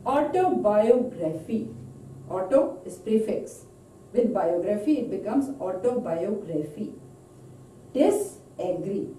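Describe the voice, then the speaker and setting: A woman teaching pronunciation in a recorded online lecture, slowly drilling word lists one by one. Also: mid-range voice, expressive, mellow, a little hiss or hum. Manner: slow, deliberate, drawn-out word drills. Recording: echoey room, voice from far off mic.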